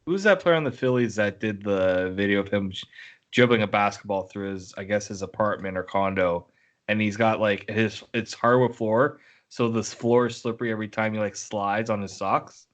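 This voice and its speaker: A man talking sports on a podcast, rambling and filling pauses with "like". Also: on the low side. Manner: rambling, heavy use of "like". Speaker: podcast co-host and sports reporter. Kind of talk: casual chat.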